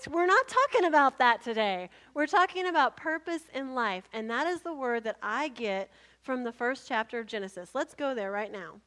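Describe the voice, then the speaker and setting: Lady pastor preaching, high voice, funny lively storyteller. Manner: humorous, animated storyteller. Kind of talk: sermon.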